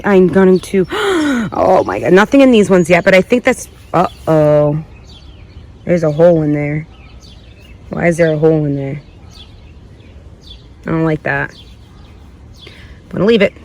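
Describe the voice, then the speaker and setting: A woman's voice: fairly low pitch, fairly even intonation, unhurried, long pauses, a little mellow. A woman giving a casual garden tour vlog outdoors, chatty and rambling, thinking aloud and correcting herself as she goes. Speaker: gardening vlogger.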